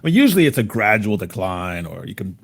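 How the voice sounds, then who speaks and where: A man's voice: fairly low pitch, very animated, quick pace, creaky, slightly rough. A man co-hosting a rugby podcast, curious and wry in casual chat. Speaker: podcast co-host.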